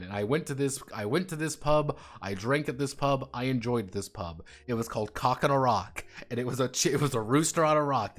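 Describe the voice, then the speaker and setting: A man streaming live, chatting casually and ranting with lots of swearing and jokes. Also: medium pitch. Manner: profane, ranting, jokey.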